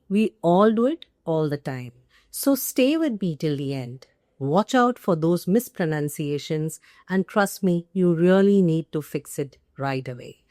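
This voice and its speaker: Slow, emphatic Indian English teacher woman. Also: medium pitch, mellow, dry recording, clean studio sound. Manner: emphatic, repeats key words slowly. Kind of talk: pronunciation lesson to camera.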